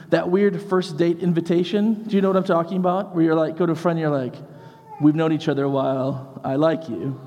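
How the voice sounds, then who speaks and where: Man, vicar, lively sermon storytelling, higher pitched voice, reverberant church. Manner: animated storyteller, swings from hushed to shouting.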